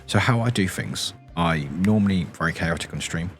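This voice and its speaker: A British man streaming late at night with a deep, quiet morning voice, rambling and giggling as he answers his chat. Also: normal speed, soft background music.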